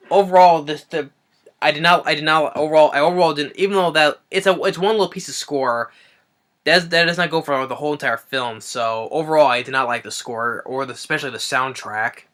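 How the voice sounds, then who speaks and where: A man giving a casual spoken film review, halting and restarting his phrases as he thinks aloud. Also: fairly high pitch, sharp tone. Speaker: movie reviewer.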